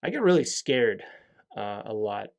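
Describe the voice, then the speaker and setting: A man's voice: fairly low pitch, big pitch swings, a little slow, gravelly. A young adult man hosting a solo podcast, talking candidly and rambling with lots of fillers and swearing. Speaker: podcast host. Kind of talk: casual solo podcast monologue.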